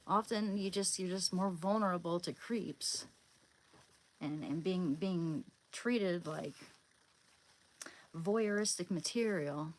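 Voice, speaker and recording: A woman's voice: on the low side, takes it slowly, long pauses, a little hiss or hum, low-quality recording. A woman live streaming, chatting casually with viewers in a rambling, hesitant way, often searching for words.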